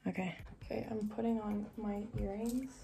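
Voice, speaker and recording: A woman's voice: mid-range voice, steady tone, normal speed, vocal fry, dark tone. A young woman with a first language other than English, chatting casually and rambling a little as she vlogs, poking fun at herself. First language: not English. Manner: chatty, rambling, self-deprecating. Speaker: vlogger. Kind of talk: casual vlog chat.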